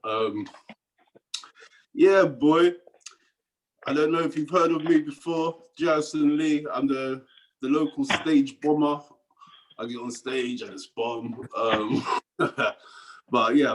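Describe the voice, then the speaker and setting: A man's voice: medium pitch, a little slow, long pauses, a little hiss or hum, poor audio. A man with a Cockney accent doing a rambling stand-up set over a video call, dropping into mumbled asides and chuckling at his own jokes. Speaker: stand-up comedian.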